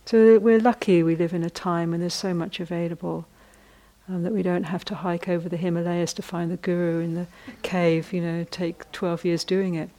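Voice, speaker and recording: At a retreat, a middle-aged woman who teaches meditation shares a reflective dharma talk in a relaxed, conversational manner. She pauses and restarts often and chuckles at her own jokes, speaking at a fairly low pitch with a warm tone and little pitch movement.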